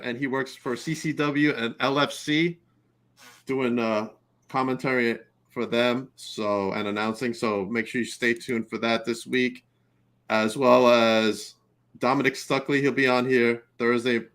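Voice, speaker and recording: A man's voice: medium pitch, fairly even intonation, unhurried, a bit bright. A man hosting a podcast, upbeat and chatty in casual interview chat. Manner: upbeat, laughs often between lines. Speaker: podcast host.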